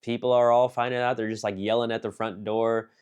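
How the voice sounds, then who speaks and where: A man casually reviewing an anime film, rambling with lots of fillers and restarts, jumping between excited bursts and quiet muttered asides. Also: medium pitch, fairly quick, smooth.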